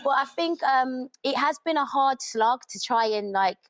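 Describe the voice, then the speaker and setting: Young Brummie woman panelist, playful and chatty, a little higher voice, dry close sound. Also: animated, normal speed, fairly bright tone, no echo. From Birmingham, England. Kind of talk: casual chat.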